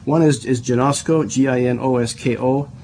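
A middle-aged man delivering a Bible study sermon at an average pitch for a man. He explains each verse patiently, spelling out key words and often stumbling into restarts. A faint background hiss sits under his voice. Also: steady tone, normal speed, warm tone. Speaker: preacher.

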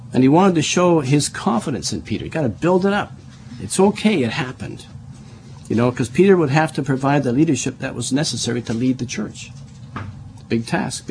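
A man's voice: mid-range voice, darkish tone, slight background noise. A middle-aged man preaching a Bible study sermon, explaining verse by verse, spelling out words and often repeating himself as he restarts.

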